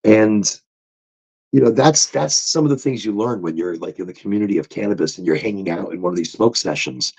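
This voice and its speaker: A man hosting a casual motivational podcast monologue, talking in a loose, animated way. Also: fairly quick, creaky, slightly rough. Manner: animated, swoops into high excited tones when retelling stories. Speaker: podcast host. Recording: dull lo-fi recording.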